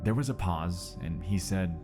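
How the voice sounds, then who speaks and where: A man with a deep, low voice reads a story aloud at a steady, measured pace, with a clear music bed running beneath him the whole time.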